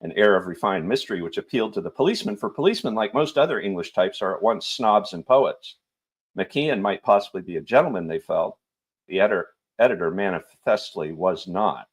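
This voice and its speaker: A middle-aged man reading a novel aloud on his show in an unhurried, lightly theatrical way. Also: on the low side, animated, slightly rough.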